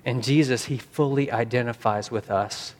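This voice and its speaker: A man preaching a sermon as pastor, earnest, slowing down and rising in volume for emphasis. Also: mid-range voice. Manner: earnest, slows and rises for emphasis.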